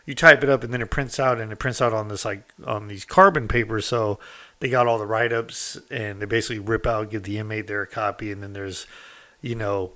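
A man's voice: on the low side, fairly even intonation, fairly quick, sharp tone. A man, a former inmate, telling a story in a loose, conversational way, full of fillers. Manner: loose and conversational, with many fillers like "you know" and "like". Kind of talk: casual spoken storytelling.

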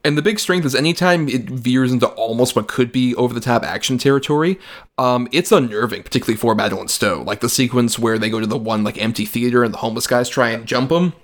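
A man's voice: medium pitch, quick pace. A man co-hosting a movie podcast, chatting casually and rambling, with lots of "like", swearing and acted-out quotes. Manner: rambling, frequent "like", profane, acts out quotes. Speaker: podcast co-host. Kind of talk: casual movie review chat.

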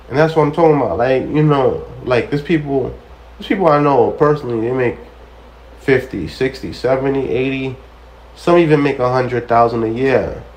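Brief: male ministry host, mid-pitched voice, loose testimony-style talk, repeats key phrases, faint hiss behind. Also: a little mellow, poor audio. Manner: storytelling that acts out quoted dialogue; preacherly, repeats phrases for emphasis. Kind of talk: casual spoken testimony.

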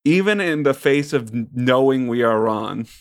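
An American man co-hosting a casual chat, with wry, deadpan jokes. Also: medium pitch, normal speed, no echo, clean studio sound. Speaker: podcast co-host.

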